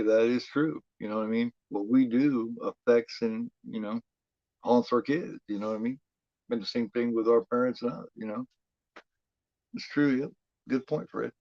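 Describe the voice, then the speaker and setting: A man's voice: mid-range voice, gravelly, darkish tone, no echo, dull audio. A man hosting a horror film watch-along, chatting in a rambling, profane way, full of "you know" fillers. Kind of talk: casual live commentary.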